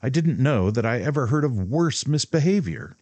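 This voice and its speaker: A man voicing a spirited young woman who teases gently in a light, raised voice. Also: medium pitch, animated, normal speed, dry recording, lo-fi sound, voice pushed up, natural voice. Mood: teasing.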